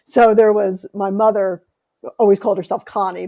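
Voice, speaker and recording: Gravelly-voiced American woman telling stories. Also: medium pitch, fairly even intonation, moderate pace, mellow. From United States. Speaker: author, podcast guest. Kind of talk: conversational interview.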